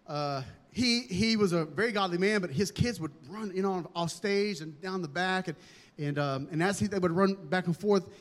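A man preaching a sermon as pastor, animated and humorous, with dramatic emphasis. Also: sits high, normal speed, big-room sound.

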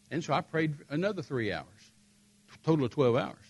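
An older man telling a story in a sermon, emphatic and rising to forceful peaks. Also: a little high, animated, a little fast, husky. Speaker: preacher.

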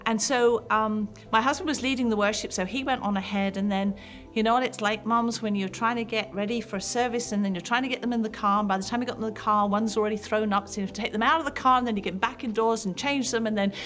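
A woman's voice: a little high, fairly even intonation, fast talker, a bit bright, faint music behind. A woman pastor in her fifties sharing a heartfelt personal testimony with mothers, in an earnest storytelling manner.

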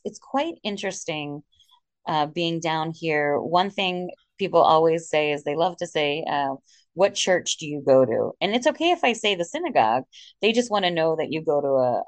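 A woman's voice: deep voice, dry recording. A woman in her thirties from the Philadelphia suburbs, a rabbi chatting in an interview with frequent fillers. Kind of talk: conversational interview.

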